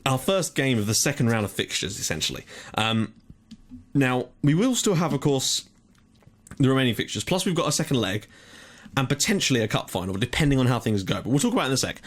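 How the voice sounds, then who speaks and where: Young male gaming host, rapid rambling commentary, slightly breathless. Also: medium pitch, very animated. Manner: rambling, self-correcting. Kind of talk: casual gameplay commentary.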